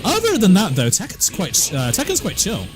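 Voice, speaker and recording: A man's voice: high voice, huge pitch swings, fairly quick, music in the background. A man from southwest England with a West Country accent, chatting casually on a game stream and answering chat in a laid-back way. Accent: West Country English.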